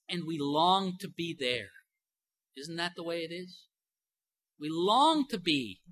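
A man's voice: a little high, bright, forceful tone. A man preaching a sermon in a conversational way, building to emphatic, rising passages. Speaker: pastor.

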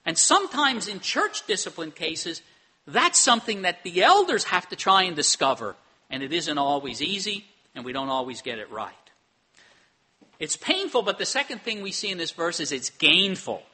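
A man's voice: sits high, big pitch swings, normal speed, bright, forceful tone, slightly rough. A middle-aged man preaching a sermon in a conversational way, often ending points with tag questions. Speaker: pastor.

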